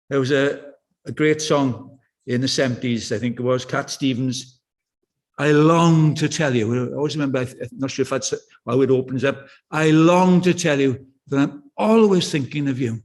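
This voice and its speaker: An older British man preaching a sermon in a church, conversational and anecdotal with passionate swells. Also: a little high.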